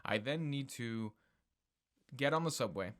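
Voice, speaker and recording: A man co-hosting a casual podcast, talking in animated bursts, swearing often and laughing. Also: mid-range voice, measured pace. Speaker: podcast co-host.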